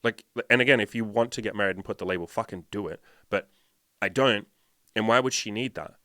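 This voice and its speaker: A man's voice: lowish voice, fairly quick, bright, forceful tone, no echo, clean studio sound. A man who is a dating coach, talking bluntly and emphatically in a casual podcast monologue, swearing often. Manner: blunt, heavily profane, emphatic.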